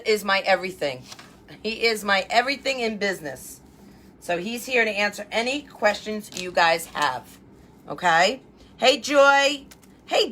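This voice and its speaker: Bright-voiced chatty craft host. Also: female voice, a little high. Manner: chatty, greets viewers by name. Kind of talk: live-stream chat while crafting. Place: at home.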